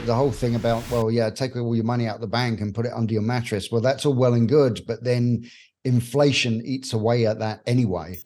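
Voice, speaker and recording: A man's voice: mid-range voice, warm tone. A man on a panel show, speaking hesitantly with frequent restarts. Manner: halting, hesitant with many restarts. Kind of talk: panel discussion opinion.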